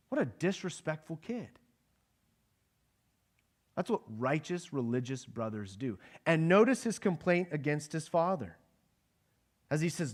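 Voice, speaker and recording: The pastor's voice is a little high, with lively intonation, and he speaks at normal speed while pausing often. Teaching a Bible passage in a conversational sermon, he questions his congregation and acts out the characters' lines.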